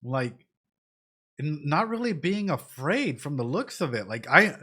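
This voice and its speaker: A man's voice: fairly high pitch, big pitch swings, measured pace, sharp tone, slightly rough. Chatty man reacting to a show for chat. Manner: chatty, repeats phrases, addresses chat directly; thinks in Spanish at times. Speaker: streamer reacting with co-hosts. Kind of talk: casual reaction commentary.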